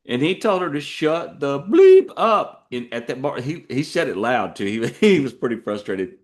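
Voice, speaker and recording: A man's voice: medium pitch, sing-song, brisk. A Texan man hosting a show, telling a rambling folksy story full of asides. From Texas. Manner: folksy, digressive, drawling asides. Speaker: podcast host.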